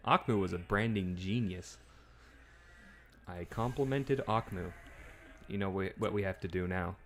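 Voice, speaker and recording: A man's voice: sits low, a little hiss or hum. A man co-hosting a livestream, casually joking and commenting while he plays the game. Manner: animated, joking, quick to laugh. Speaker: co-host playing the game on stream. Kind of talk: casual gameplay chat.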